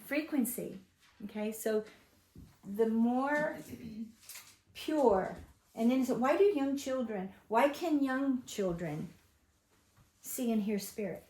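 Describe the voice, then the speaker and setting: Older woman, home Bible teacher, a touch high, chatty and emphatic, roomy echo. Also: animated, takes it slowly, long pauses, a little mellow. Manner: chatty, emphatic, asks the group questions. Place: home gathering room. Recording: echoey room.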